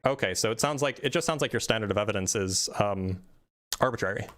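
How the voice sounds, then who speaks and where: This man hosts a live debate stream, chatting fast and casually and often restarting his sentences with a self-deprecating touch. His voice sits lowish and sounds a bit bright.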